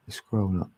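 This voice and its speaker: A man with a Cockney accent from East London, chatting casually on a livestream, reading chat and chuckling. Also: mellow. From England. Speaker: livestream host.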